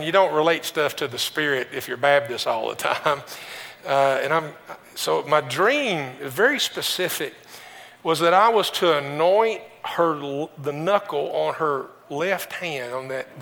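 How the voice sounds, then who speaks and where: Gravelly pastor preaching in an echoing hall. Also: male voice, on the high side, bright, forceful tone. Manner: conversational, with restarts and rhetorical questions. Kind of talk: sermon with personal story. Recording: long hall reverb.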